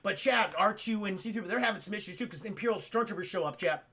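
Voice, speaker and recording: A man casually recapping a movie for a live chat, animated, joking and swearing freely. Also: high-pitched, fast talker, breathy edge. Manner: animated, profane, jokey. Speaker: streamer.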